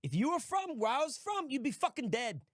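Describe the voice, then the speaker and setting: A man voicing a cocky, shouty young Boston fighter from a video game. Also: very high voice, very animated, a little fast, dry recording, clean studio sound, voice pushed up, full character voice.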